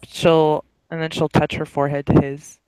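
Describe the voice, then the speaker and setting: A man calmly narrating his character's actions in a spoken role-play. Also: on the high side, normal speed, smooth, dry recording, rough recording.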